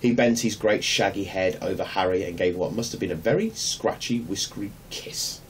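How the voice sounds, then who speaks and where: A man reading a children's novel aloud in a measured, gentle storytelling manner. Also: deep voice. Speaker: narrator. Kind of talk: audiobook reading. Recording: distant mic, faint hum.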